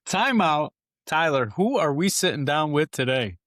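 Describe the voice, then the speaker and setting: A man hosting a casual podcast, relaxed and laughing easily with his guests. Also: fairly high pitch, moderate pace, no room sound, clean studio sound. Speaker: podcast host. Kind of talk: casual talk show chat.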